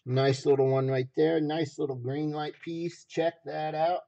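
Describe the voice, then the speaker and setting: A hoarse man running a live stream auction, repeating phrases as he hypes each item from a basement room. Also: a little high, little pitch movement, unhurried, mellow, dull audio.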